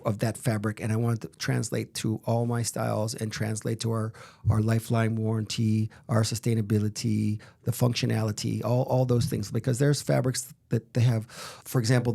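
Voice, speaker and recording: A man's voice: mid-range voice, vocal fry, dark tone. A middle-aged man from Miami, co-founder of a fashion brand, talking energetically in a casual interview with many restarts. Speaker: fashion brand co-founder and head of product development.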